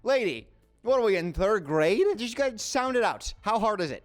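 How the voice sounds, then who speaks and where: A man's voice: high voice, very animated, moderate pace, faint music behind. A man hosting a video, giving jokey, sarcastic commentary. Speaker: video host. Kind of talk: comedic commentary.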